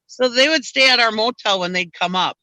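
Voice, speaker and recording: A woman's voice: a little high, brisk, sharp tone, no echo, low-quality recording. A woman hosting a casual chat show, telling a story animatedly and acting out the dialogue with blunt, salty wording. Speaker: show host.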